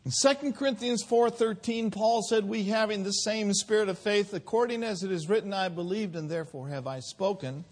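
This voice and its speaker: Husky high-voiced male preacher. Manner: call-and-response preaching, drawn-out emphasis. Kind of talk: sermon.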